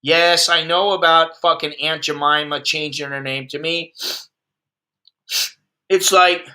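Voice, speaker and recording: An American man living abroad rants about current events on his livestream, sarcastic, blunt and swearing heavily. His slightly high voice stays steady, bright and forceful, never in a hurry.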